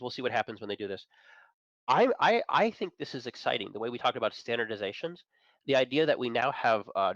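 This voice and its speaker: This talk-show guest, managing editor of an entertainment and tech site, keeps the chat casual, enthusiastic and opinionated, breaking into chuckles between points. His voice is medium-pitched with a fairly bright tone, captured lo-fi with no room sound.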